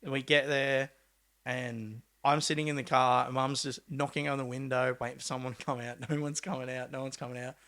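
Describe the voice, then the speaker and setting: A young Australian pro mountain biker, appearing as a podcast guest, tells a story in a casual, animated way. He acts out quotes using laid-back slang and swearing, his mid-range voice moving fairly quickly.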